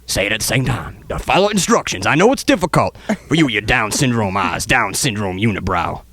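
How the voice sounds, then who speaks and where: A man's voice: sing-song, brisk, bright, forceful tone, no room sound. Male radio host in a drawling put-on Southern voice. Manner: drawling, mocking, with sudden high yelps. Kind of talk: crude comic radio banter in a character voice.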